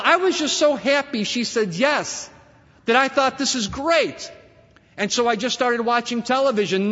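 A man's voice: high-pitched, fairly bright tone. A middle-aged man preaching a sermon, telling a personal story with earnest testimony and acting out the dialogue. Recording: muffled audio with long hall reverb.

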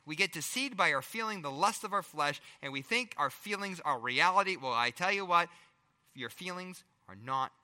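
A middle-aged male pastor delivers a sermon in a high voice, throwing out rhetorical questions and alternating between loud emphasis and quiet asides. The sound carries the echo of a big room.

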